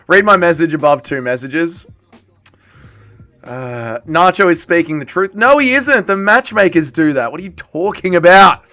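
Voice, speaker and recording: In this livestream, the male host casually reads and replies to viewer comments, alternating between loud, cursing tirades and low grumbles.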